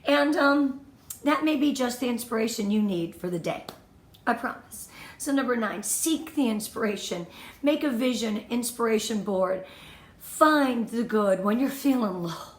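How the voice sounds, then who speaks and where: A woman's voice: on the high side, expressive, moderate pace, reverberant. Upbeat woman giving a team pep talk. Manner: enthusiastic and emphatic, numbering tips, repeating key phrases. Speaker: direct sales team leader. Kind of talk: motivational team training talk.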